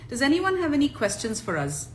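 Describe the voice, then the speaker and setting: A woman's voice: sits high, big pitch swings, brisk, a little hiss or hum. A woman giving a live spiritual talk as co-host, emphatic and preachy, repeating phrases for stress.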